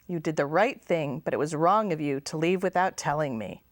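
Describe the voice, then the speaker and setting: A woman's voice: low-pitched, expressive, normal speed. A woman voicing a dry, long-suffering mother in a storybook reading. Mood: wry. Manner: wry, sighing.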